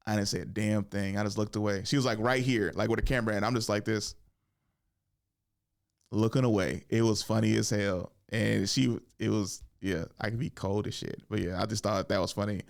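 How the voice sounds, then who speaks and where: A man's voice: fairly low pitch, fairly even intonation, a little fast, clear, resonant tone. A man in his twenties hosting his own podcast, telling stories casually with swearing and laughter. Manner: loose, profane, laughing. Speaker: podcast host. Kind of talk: casual solo storytelling.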